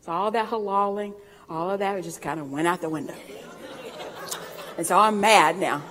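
A woman's voice: mid-range voice, moderate pace, fairly bright tone, big-room sound, a faint crowd. A woman preaching a sermon in a folksy storytelling way, laughing often and drawing out scripture readings.

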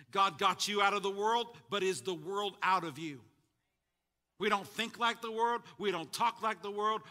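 A man preaching a sermon, calling out to his congregation and building to shouts at the high points. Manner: call-and-response preaching to a congregation. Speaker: pastor.

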